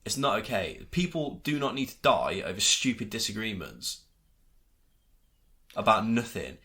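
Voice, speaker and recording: Lively man with a bright voice. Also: fairly low pitch, measured pace. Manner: heated ranting and swearing, quoting others in mocking voices. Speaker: podcast co-host. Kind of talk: casual chat.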